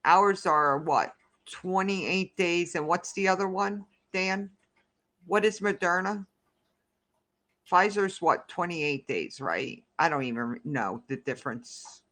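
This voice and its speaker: A woman's voice: fairly low pitch, slow, a bit bright. A woman talking casually to her livestream audience and reading out their comments as she goes. She rambles and restarts, and she turns heated and ranting when something annoys her. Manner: rambling, heated, talks back to the chat. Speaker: livestream host.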